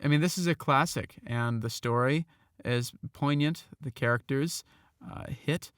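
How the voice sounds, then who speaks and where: A man co-hosting a film review podcast, speaking in a measured, hesitant way with fillers. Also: medium pitch, a bit bright, smooth, dry recording, studio quality. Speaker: podcast co-host. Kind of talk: casual film review chat.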